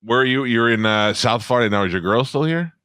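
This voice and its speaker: A man's voice: medium pitch, quick pace, sharp tone, clean tone, dry recording, studio quality. A man hosting a casual chat, telling a profane story and acting out both sides of a phone call.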